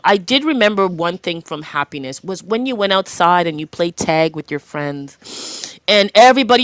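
A woman hosting a podcast in a candid, reflective chat, often stopping to restart her thoughts. Her voice sits at an ordinary middle pitch. The sound is dry and close, with no room around it. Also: fairly bright tone, dry recording. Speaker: podcast host.

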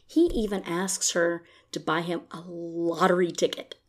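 A woman's voice: on the low side, little pitch movement, a little slow. A woman podcast host giving a casual recap, sarcastic and profane.

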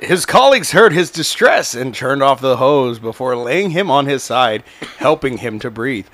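A man's voice: mid-range voice, lively intonation, normal speed, fairly bright tone. A man co-hosting a casual podcast, reading news stories and joking around, cursing freely. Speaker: podcast co-host.

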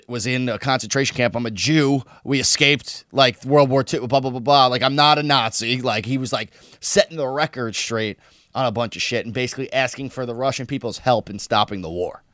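A man's voice: mid-range voice, a little fast, fairly bright tone, no room sound, clean studio sound. Rambling, swearing young guy. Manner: loose, rambling, swears often. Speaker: podcast co-host. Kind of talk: casual podcast chat.

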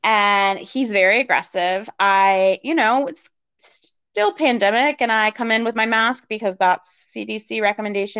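A woman of average pitch recounts her own experience in a lively conversational way, slipping into the voices of the people she quotes and dotting her speech with fillers. The recording is slightly dull and lo-fi. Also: moderate pace, clean tone. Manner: animated, acts out quoted dialogue with fillers. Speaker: guest telling her story. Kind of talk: conversational personal storytelling.

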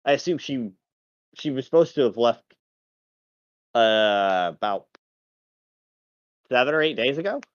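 A man's voice: medium pitch, animated, a little slow, pauses often, no room sound, highs cut off, lightly acted. A man playing a captured captain of a lord's guard, answering questions in a plain, matter-of-fact way.

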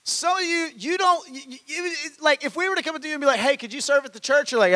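A man preaching a sermon in an animated way, swinging from loud exclamations to hushed asides, with stammered restarts. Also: very high voice, fast, long reverb tail. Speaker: pastor.

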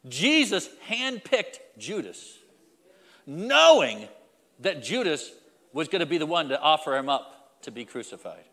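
A man's voice: on the high side, sing-song, normal speed, sharp tone, long reverb tail. A man preaching a sermon as pastor, emphatic and repetitive, speaking directly to the congregation.

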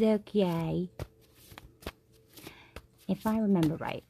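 A tipsy woman hosting a comedic tarot reading stream, rambling and swearing in a jokey deadpan way. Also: low-pitched, a little slow, creaky, slight background noise. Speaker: host.

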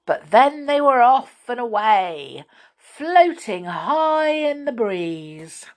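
A woman reading a children's storybook aloud as the storyteller, in an expressive, lively way. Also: fairly high pitch, takes it slowly.

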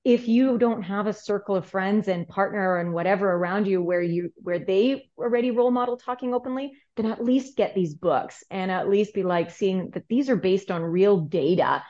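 A middle-aged woman speaking as a therapist guest on a podcast, explaining earnestly and growing animated when telling stories. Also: medium pitch, moderate pace, few pauses, dull audio. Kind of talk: podcast interview.

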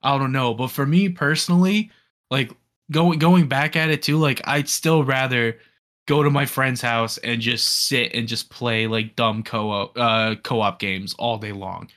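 A man in his late twenties co-hosts a podcast, chatting casually and enthusiastically, full of fillers and restarts. His medium-pitched voice is steady, unhurried and fairly bright.

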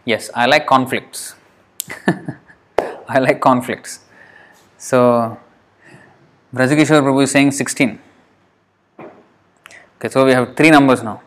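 A man teaching an online class, patiently reading out students' answers and counting syllables aloud slowly. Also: medium pitch, fairly even intonation. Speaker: Sanskrit teacher.

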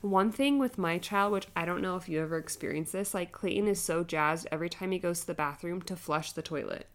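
A young woman, a mother and podcast co-host, telling stories in a casual chat, animated and full of "like" fillers, laughing as she goes. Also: fairly low pitch, fairly quick.

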